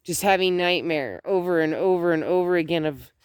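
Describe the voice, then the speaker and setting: A woman's voice: on the low side, brisk, slight background noise. A middle-aged woman vlogging outdoors at home, chatting in a rambling way with many restarts. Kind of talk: casual chat.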